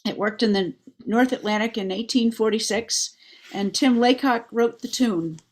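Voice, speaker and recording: A woman folk singer who introduces her song haltingly, with restarts, then sings a slow unaccompanied ballad over a video call. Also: on the high side. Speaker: festival singer.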